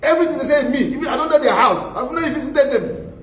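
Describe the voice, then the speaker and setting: A man's voice: very high voice, expressive, rapid-fire, fairly bright tone, voice pushed up. A man voicing a crying, self-pitying male devil who complains indignantly. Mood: whining. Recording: echoey church hall, distant mic.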